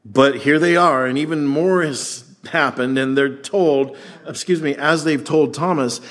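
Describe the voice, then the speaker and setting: A man preaching a sermon as pastor, conversational and animated, acting out the voices in the scripture he reads. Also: medium pitch.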